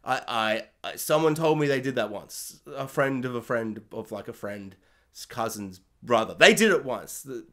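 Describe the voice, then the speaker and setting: A man's voice: mid-range voice, lively intonation, moderate pace, a bit bright. A man giving a casual, rambling TV review, joking and correcting himself as he goes. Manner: rambling, jokey, self-correcting, puts on silly voices for characters. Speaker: show reviewer.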